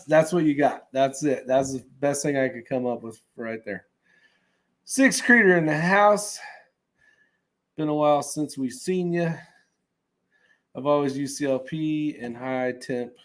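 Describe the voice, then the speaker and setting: Man, livestream host, casual chat, rambling, reads comments aloud, easygoing. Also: medium pitch. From California. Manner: rambling, with fillers and chuckles. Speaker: host reading live chat.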